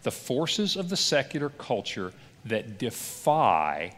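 A man who is a pastor, teaching a Bible class as an animated, conversational storyteller who asks rhetorical questions. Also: medium pitch, slow, in a large hall. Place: church hall or classroom.

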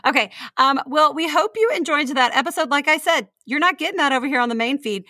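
A woman's voice: high-pitched, animated, fast talker, sharp tone, no echo, clean studio sound. A woman co-hosting a podcast in casual, jokey chat, laughing often. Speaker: podcast co-host.

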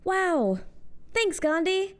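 A woman's voice: very high voice, sing-song, extremely slow. A young American woman hosting a scripted comedic monologue, with sarcastic, punchy asides. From United States. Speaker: host.

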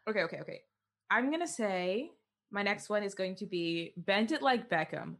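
A young adult woman co-hosting a podcast in casual chat, animated and quick to laugh, with plenty of fillers. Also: mid-range voice. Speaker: podcast co-host.

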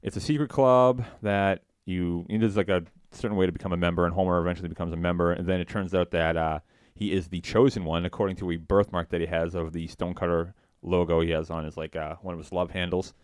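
Deep-voiced man rambling in casual chat. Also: fast, few pauses, clear, resonant tone, no room sound, studio quality. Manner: rambling, quoting cartoon lines in excited bursts. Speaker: podcast co-host.

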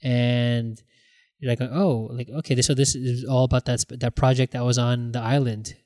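A man in casual podcast chat, animated, acting out quoted lines and swearing freely. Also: medium pitch, normal speed, no room sound.

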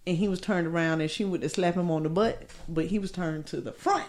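A woman's voice: fairly low pitch, fairly quick, a little mellow. A woman co-hosting a podcast in a small studio, telling stories in a laid-back, plain-spoken way. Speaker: podcast co-host. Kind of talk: casual chat.

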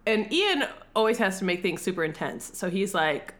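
A woman co-hosting a podcast gives a casual recap of a film. She tells it in an animated, profane way and laughs often as she goes. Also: medium pitch, normal speed, slight background noise. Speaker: podcast co-host.

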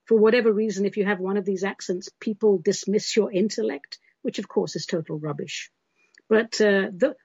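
A woman's voice: medium pitch, darkish tone, slightly rough, dry recording, dull audio. An American woman hosting a metaphysical talk show, speaking in an emphatic, frank, declarative way. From United States. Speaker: host.

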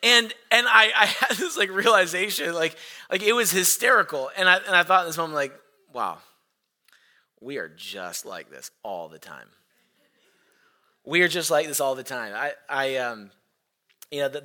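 A male pastor in his thirties delivers a sermon through a personal story. His voice is strongly bright and forceful and sits slightly high. He tells it with animated energy, putting on voices as he goes. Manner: animated storytelling, acting out quoted voices loudly.

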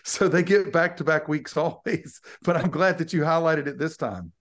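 A man's voice: a little high, normal speed, a bit bright. A man co-hosting a podcast in casual chat, teasing the others and telling stories. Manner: teasing, storytelling. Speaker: podcast co-host and preacher.

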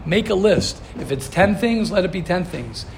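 A man with a high voice gives an earnest class to his students. He coaches them by firing the same question again and again. Faint noise hums behind him. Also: animated, normal speed, creaky. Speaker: rabbi teaching a class. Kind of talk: Torah class talk.

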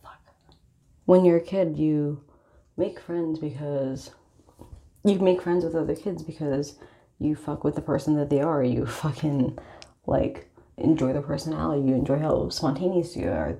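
A woman's voice: low voice, moderate pace, gravelly, warm tone. A young woman talking through a casual confessional monologue in a rambling, profane way, full of filler words. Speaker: vlogger.

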